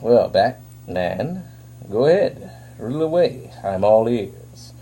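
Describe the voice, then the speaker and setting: A man reading comic dialogue aloud, voicing a flamboyant, taunting male villain with showy, drawn-out words. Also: medium pitch, sing-song, dark tone, slightly rough, full character voice. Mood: gleeful taunting.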